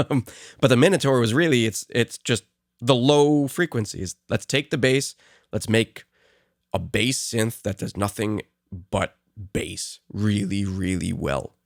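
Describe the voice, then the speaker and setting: Low, gravelly man chatting about gear. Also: measured pace, dry recording, clean studio sound. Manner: relaxed, admiring, laughs easily. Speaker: podcast co-host. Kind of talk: casual conversation about synths.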